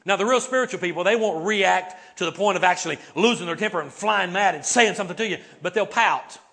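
Pastor, male, high-pitched, preaches in a chatty way, punctuates with "right?", asks the room to repeat key words. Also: fast talker, a bit bright. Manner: conversational, many "right?" and "okay?" tags. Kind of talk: sermon. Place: church sanctuary before a congregation.

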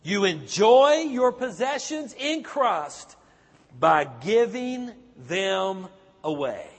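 A pastor preaching with a very high, husky voice that rises and falls widely as he presses his listeners with question after question. His voice rings through a church hall with a long, lingering reverb. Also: very animated, drawn-out words. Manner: emphatic preaching with rhetorical questions to the congregation. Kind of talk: sermon.

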